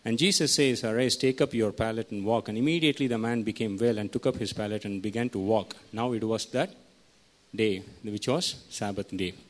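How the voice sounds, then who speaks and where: A man's voice: on the low side, brisk. A man preaching a sermon, teaching verse by verse and putting questions to his listeners. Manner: teaching, asks the congregation questions.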